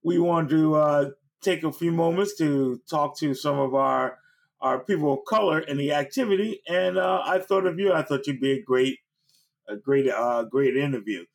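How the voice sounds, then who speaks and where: Male podcast host, easygoing interviewer, fairly high-pitched. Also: moderate pace, vocal fry. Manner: relaxed, chuckling, friendly banter. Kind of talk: casual interview.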